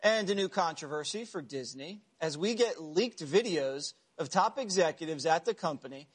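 A man's voice: fairly high pitch, expressive, moderate pace, husky. A man hosting an opinionated TV news show with a sarcastic, punchy delivery.

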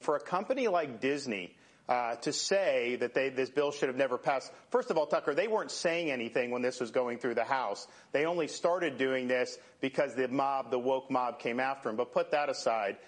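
A man's voice: medium pitch, moderate pace. A man, a state governor, speaking firmly and combatively in an interview clip. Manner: firm, combative.

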